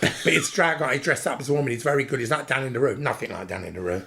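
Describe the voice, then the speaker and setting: A man, a drag performer, telling animated, camp stories as a guest on a podcast. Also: fast, vocal fry. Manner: animated, camp, mimics his mother in a high voice. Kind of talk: casual interview storytelling.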